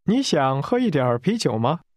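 A man modeling phrases in a language course drill with careful, deliberate pronunciation. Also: a little high, very animated, dry recording, clean studio sound.

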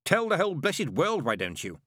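Man voicing a sarcastic male demon, sharp and impatient, lively swooping pitch, dry close sound. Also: moderate pace, dry recording. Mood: sardonic. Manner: snappish, sarcastic.

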